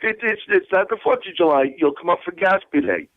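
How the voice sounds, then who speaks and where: A man's voice: high-pitched, brisk, vocal fry, dry recording. Man, radio caller, enthusiastic, phone-line sound. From Rhode Island. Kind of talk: phone-in call.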